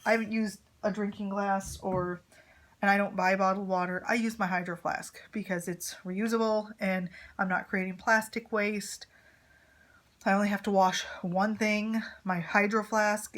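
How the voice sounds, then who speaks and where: A woman's voice: mid-range voice, a bit bright. A woman in her thirties, a mother vlogging to camera, telling a story in casual, rambling chat full of fillers and asides. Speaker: vlogger, mother of a teenage son.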